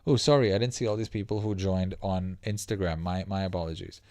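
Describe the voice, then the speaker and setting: Profane, animated man on a dry close mic. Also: deep voice, brisk, no echo. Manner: profane, animated, laughs mid-sentence, acts out others' voices. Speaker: life coach and livestream host. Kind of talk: casual livestream monologue.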